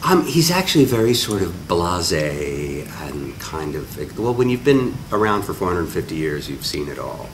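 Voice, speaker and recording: A man with a very deep voice speaks in a wry, self-mocking, chatty way in a casual press interview. Loud background noise from a busy convention hall sits behind him. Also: big pitch swings, normal speed, few pauses, recorded from a distance. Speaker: actor interviewed at a press junket.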